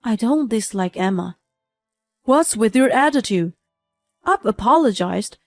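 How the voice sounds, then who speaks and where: A woman's voice: fairly high pitch, animated, unhurried, darkish tone, faint music behind. A woman voicing an arrogant, selfish young husband in a read-aloud story, talking down to his wife. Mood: dismissive. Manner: condescending, dismissive. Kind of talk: scripted story reading.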